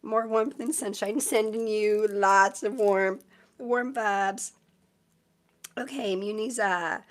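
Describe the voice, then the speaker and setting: A woman's voice: medium pitch, slow. A woman in her forties from Southern California with a Valley girl cadence, a tarot reader rambling chattily on a live stream, her voice troubled for months. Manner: chatty, rambling, self-described quirky with no filter. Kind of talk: casual live stream chat.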